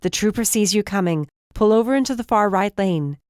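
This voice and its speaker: A woman voicing a police dispatcher who speaks calmly, warmly and encouragingly. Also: medium pitch, a little fast, no room sound, studio quality, voice pushed up, close to an everyday voice. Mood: calm directions. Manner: calm, warm, encouraging.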